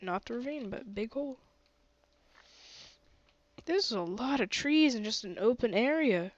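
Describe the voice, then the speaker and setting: A woman's voice: fairly high pitch, animated, measured pace, muffled recording. A woman streaming a game with a sore throat, chatty and often gasping and exclaiming. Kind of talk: casual gaming commentary.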